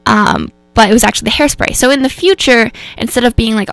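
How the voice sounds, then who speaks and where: A woman radio host speaks in a loose, earnest, rambling way, often restarting her sentences. Her voice sits fairly high and has a gravelly edge. The studio sound is close and dry. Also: brisk, fairly bright tone, no room sound. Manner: rambling and earnest, many fillers and self-corrections. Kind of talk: casual spoken reflection on mental health. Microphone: radio studio microphone.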